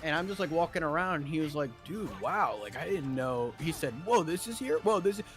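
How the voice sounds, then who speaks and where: A man's voice: a little high, a little fast, faint music behind. A man telling a story in casual chat with friends, swearing freely and acting out what others said. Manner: animated, swears a lot, acts out quotes. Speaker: streamer.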